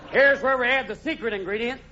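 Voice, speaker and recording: High-pitched manic comic guy live on stage, dull old recording, big crowd. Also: a little fast, very noisy. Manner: manic, jumps between impressions and shouted bits. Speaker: stand-up comedian. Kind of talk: stand-up comedy with rapid character voices. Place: large live theater with audience.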